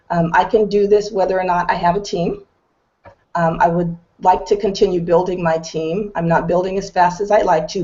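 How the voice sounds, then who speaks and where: A woman's voice: fairly low pitch, warm tone, dull audio. A middle-aged woman giving an earnest, determined personal testimony on an online video call. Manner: earnest, determined, candid storytelling. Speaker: business testimonial speaker.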